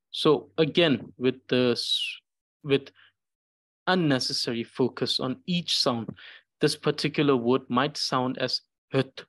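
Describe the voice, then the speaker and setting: Slow, patient male language teacher. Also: medium pitch, fairly bright tone. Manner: slow and patient, repeats each syllable many times. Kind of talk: pronunciation lesson, reading syllables aloud.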